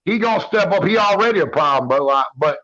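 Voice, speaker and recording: A man chatting on a boxing panel, loud and full of slang. His voice sits a little high. The audio is muffled and lo-fi. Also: lively intonation, quick pace. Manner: loud, slangy trash talk. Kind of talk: casual chat. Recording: muffled lo-fi sound.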